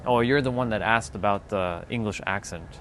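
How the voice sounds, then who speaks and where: Brief: male livestream host, low voice, unhurried and friendly with chat, faint hiss behind. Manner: relaxed, answers chat comments one by one.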